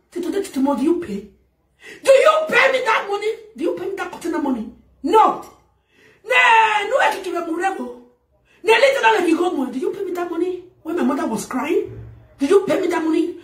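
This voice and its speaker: A woman with a Nigerian accent delivering a loud, laughing, shouting rant as a talk show host. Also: extremely high pitch. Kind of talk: ranting monologue. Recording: echoey, far from the mic.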